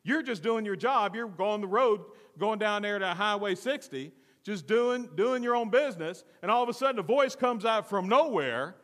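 A man preaching a sermon with dramatic swings from loud to hushed, acting out the voices in the story. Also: high-pitched, animated, normal speed, big-room sound. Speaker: pastor.

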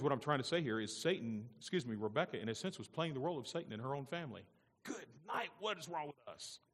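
A man's voice: lowish voice, in a large hall. A man pastor delivering an emphatic sermon with call-and-response asides. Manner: emphatic, call-and-response, rising to loud peaks.

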